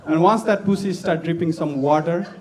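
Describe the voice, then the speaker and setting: A man's voice: a little high, normal speed. Crude open-mic comic man. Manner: crude, slightly broken English. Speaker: stand-up comedian. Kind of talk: open-mic stand-up set. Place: comedy club stage with audience. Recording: live club sound with crowd.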